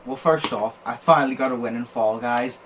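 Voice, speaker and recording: A man's voice: mid-range voice, a little fast, slight background noise. Laughing, swearing young man telling a story. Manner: animated storyteller, laughs often, swears freely. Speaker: podcast host. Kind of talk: casual chat.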